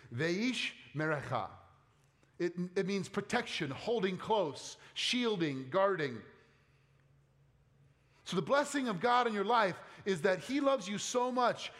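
A male pastor preaching in a church, his voice a bit higher than most men's. He talks earnestly and conversationally, sinking soft and low when he reads scripture. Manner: conversational asides with playful quoted voices. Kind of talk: sermon.

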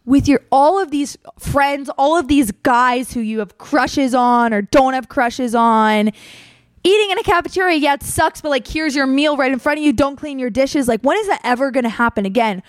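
In a casual podcast monologue, a young woman recounts a story candidly, dramatizing quotes and cursing freely. Her voice sits high and her pace is moderate, with studio-quality sound and no echo.

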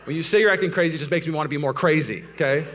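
A young male pastor telling a story in a sermon, swinging from loud outbursts to hushed asides before a congregation. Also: a little high, racing, a little hiss or hum. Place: church sanctuary before a live audience.

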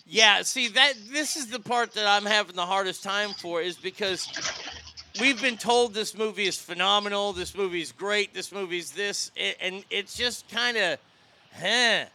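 A man's voice: high voice, normal speed, pushed and bright, slight background noise. A man hosting a call-in show, talking bluntly with plenty of swearing and strong opinions. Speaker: radio show host. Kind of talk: casual call-in chat.

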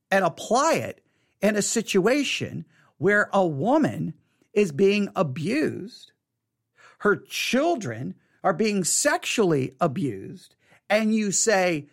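Earnest high-voiced man on live air. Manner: earnest, emphatic, often repeats and restarts phrases. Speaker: host. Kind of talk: live broadcast commentary on theology.

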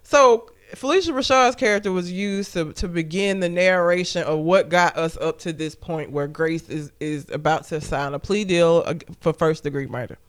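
Blunt, smooth-voiced woman recapping a movie. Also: fairly low pitch, moderate pace, few pauses. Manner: blunt, profane, joking. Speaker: podcast co-host. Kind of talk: casual movie recap chat.

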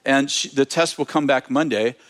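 A man, a preacher, telling a testimony story in an animated way, with frequent restarts and fillers. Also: medium pitch, moderate pace.

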